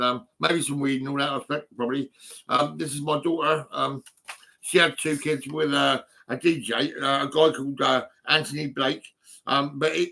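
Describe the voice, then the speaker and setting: A middle-aged man from Hampshire talks casually in a southern English accent, his voice bright and forward. He rambles, swears freely and stumbles through fillers and restarts. It sounds like a phone recording in a small room. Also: medium pitch, creaky. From England, Hampshire. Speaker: vlogger.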